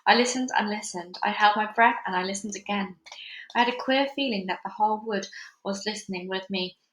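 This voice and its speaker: A woman's voice: medium pitch, fairly quick, fairly bright tone. Woman reading a children's book aloud. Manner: casual, chatty with fillers. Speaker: read-along narrator. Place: busy house. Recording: echoey room at home.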